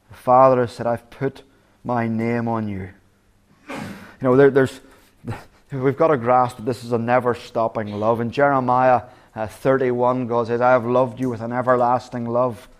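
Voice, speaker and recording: A man's voice: mid-range voice, little pitch movement, measured pace. A male pastor preaching a sermon earnestly, often restarting his words and quoting God's voice. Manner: earnest, with repeated restarts and quoted voices of God.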